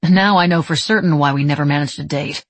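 A woman's voice: low-pitched, brisk, dry recording. A woman voicing a friendly, teasing male military trainee in an audiobook, with an easygoing, joking manner.

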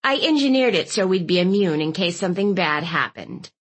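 A woman's voice: on the low side, lively intonation, brisk, slightly rough. A woman voicing a bossy, blunt elderly aunt who barks her words with scorn. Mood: scornful. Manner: barking, scornful.

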